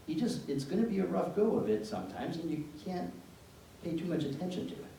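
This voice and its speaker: Canadian guy giving a talk, lively up-and-down voice, far from the mic, faint noise. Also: a little high, fairly quick, gravelly. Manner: lively storyteller, acts out dialogue in changed voices. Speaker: psychologist giving a talk to parents. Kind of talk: informal lecture with acted-out anecdotes. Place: meeting room, large and echoey. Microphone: room mic from a distance. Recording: echoey room from a distance, faint noise.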